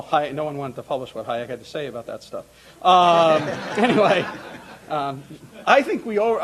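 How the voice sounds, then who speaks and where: A man's voice: medium pitch, poor audio. A man introducing a panel at an academic conference, talking off the cuff with many fillers and restarts. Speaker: academic moderator.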